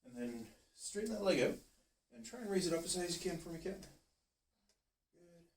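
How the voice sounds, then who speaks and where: A man working as a chiropractor, calmly talking a patient through muscle tests and encouraging her step by step. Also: sits high, a little fast. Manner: calm, steady, encouraging coaching. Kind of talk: giving instructions during a treatment session. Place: treatment room. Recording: roomy, distant, faint hiss.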